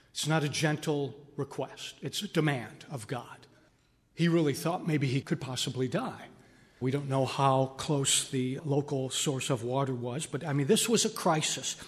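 A man preaches through a Bible passage in a loose, conversational way, pressing his points by repeating them. His voice sits a little high for a man, and each phrase rings out with a long reverb tail. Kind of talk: sermon teaching on Scripture.

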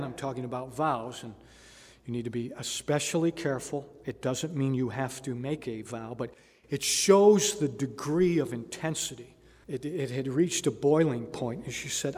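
A man preaching with earnest emphasis. He leans into key phrases and speaks at an ordinary pitch for a man. His voice rings through a reverberant hall. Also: darkish tone. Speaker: pastor. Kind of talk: sermon. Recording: echoey hall with long reverb.

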